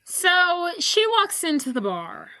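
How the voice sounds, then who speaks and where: A woman podcast co-host casually recapping a movie plot, animated and full of swearing. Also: extremely high pitch, slow. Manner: animated retelling with acted quotes, swearing.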